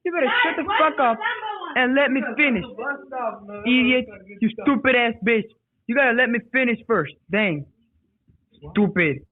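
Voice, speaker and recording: A man's voice: very high-pitched, normal speed, pauses often, crowd noise. A man calling in to a show, ranting aggressively and hurling insults. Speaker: caller. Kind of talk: angry call-in rant. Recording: tinny phone line.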